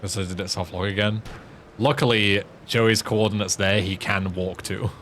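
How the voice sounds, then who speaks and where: A man's voice: lowish voice, steady tone, moderate pace, fairly bright tone, a little hiss or hum. A man with an English accent, talking to himself and chat while streaming a game, in rambling, mumbled asides. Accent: northern English. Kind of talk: casual gameplay commentary.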